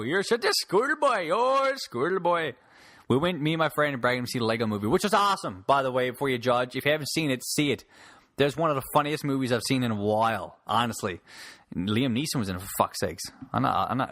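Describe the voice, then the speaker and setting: A man's voice: medium pitch, fast talker, a bit bright, no echo. A man hosting a solo podcast, rambling casually, restarting sentences and swearing freely into a close handheld mic. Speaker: podcast host. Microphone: handheld mic held close.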